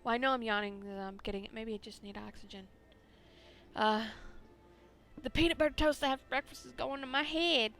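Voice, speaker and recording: A woman's voice: fairly high pitch, a little fast, a bit bright. A woman hosting a game playthrough, chatty and joking, yawning and sleepy as she reads. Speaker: let's play host. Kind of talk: casual game commentary and reading.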